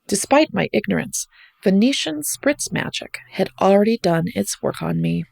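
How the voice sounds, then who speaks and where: Gravelly-voiced woman reading a travel essay. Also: medium pitch, animated, moderate pace, a little mellow, no room sound. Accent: American. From United States. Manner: wry, reflective storytelling. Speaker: podcast host and essay narrator.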